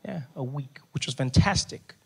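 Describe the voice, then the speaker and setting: A stand-up comedian telling a story in a punchy, deadpan way. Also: male voice, medium pitch, normal speed, creaky, breathy edge. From South Africa.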